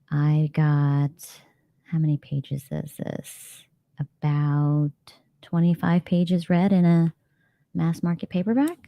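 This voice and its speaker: A woman with a deep, dark voice hosts a casual live reading stream in studio-quality sound with no echo. She's chatty, reads viewers' comments aloud, and laughs a lot.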